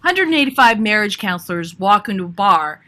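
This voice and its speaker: Bright, bubbly woman telling improv jokes. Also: medium pitch, sing-song, normal speed. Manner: playful, acts out punchlines. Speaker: improv player.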